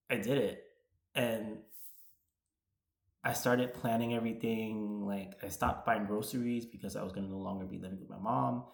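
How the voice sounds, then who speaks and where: With a lowish, gravelly voice, this New York-area man in his 30s casually recounts a personal story on his vlog. He says "like" a lot and acts out retold dialogue, and the room adds an audible echo.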